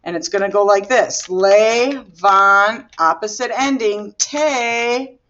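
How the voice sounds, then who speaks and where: A woman's voice: medium pitch, moderate pace, dull audio. A woman teaching a recorded grammar lesson, patiently explaining step by step while she writes on the board. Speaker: Spanish teacher.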